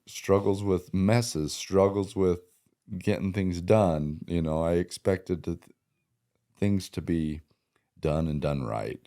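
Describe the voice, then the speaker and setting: Very deep-voiced man, mellow. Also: slow. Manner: plainspoken, many short agreeing replies. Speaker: podcast guest. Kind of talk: casual conversation.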